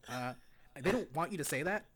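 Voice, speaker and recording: A man voicing a condescending, pompous male pundit, lecturing deadpan in a comic impression on a podcast. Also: a little high, a little fast, pitched above the performer's own voice. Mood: smug lecturing.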